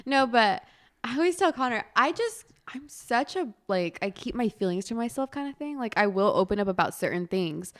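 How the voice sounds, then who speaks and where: A woman's voice: on the high side, lively intonation, moderate pace, a bit bright. Giggly young woman chatting on a podcast. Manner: giggly, chatty, self-conscious. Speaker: podcast co-host. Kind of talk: casual chat.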